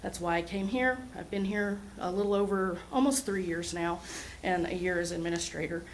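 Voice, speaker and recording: A woman's voice: lowish voice, moderate pace, a little hiss or hum, rough recording. A woman, an ambulance service administrator speaking earnestly and a little nervously at a city meeting. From Oklahoma. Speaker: EMS administrator. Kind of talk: public remarks at a city meeting. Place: city hall meeting room.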